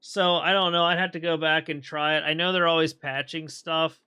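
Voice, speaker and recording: A man streaming a game, rambling in casual commentary as he thinks aloud and often clears his throat. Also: a little high, flat delivery, a little fast, pushed and bright.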